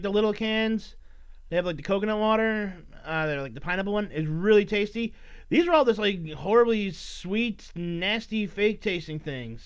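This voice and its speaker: Through a dull lo-fi recording comes a solo podcast host's high, clear, resonant voice. He rambles casually, swears freely, and mock-scolds his listeners.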